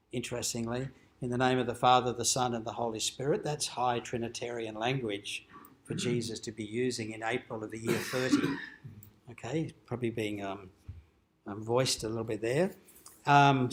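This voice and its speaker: A man, a dean, giving an informal teaching lecture at a cathedral forum, explaining in a conversational way and lifting his voice for quoted lines. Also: medium pitch. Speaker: dean presenting an adult education forum.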